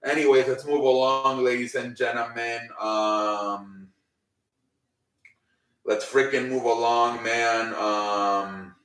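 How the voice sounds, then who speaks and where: A man's voice: mid-range voice, fairly even intonation, takes it slowly, fairly bright tone. A man casually recapping a wrestling show, rambling with lots of fillers and swearing freely. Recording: roomy, mic at a distance.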